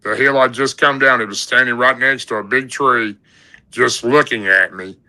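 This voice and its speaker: A man's voice: medium pitch, fairly even intonation, moderate pace, bright, forceful tone, rough recording. A man telling a long personal story in a rambling, folksy way, with many "and, uh" fillers, as a podcast guest. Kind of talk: casual storytelling.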